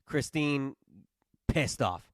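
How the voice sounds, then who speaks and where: A man guesting on a podcast as a film critic, relaxed as he recaps the plot in casual chat. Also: medium pitch, extremely slow, dry recording, studio quality.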